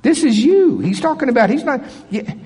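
A man preaching a sermon at a church service, animated, swinging from loud bursts to soft asides. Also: very high voice, moderate pace, husky, in a large hall.

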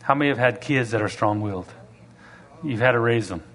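A man's voice: mid-range voice, a little fast. A man preacher delivering a sermon, telling stories and acting out the people in them, building to emphatic, rising passages. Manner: animated, rising to emphatic preaching with acted-out quotes. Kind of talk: sermon with storytelling.

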